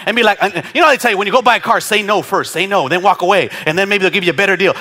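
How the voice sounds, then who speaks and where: Guy pastor giving a sermon, high voice, lots of laughing and little acted-out voices. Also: very fast, few pauses. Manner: animated, laughing, acting out congregants' voices.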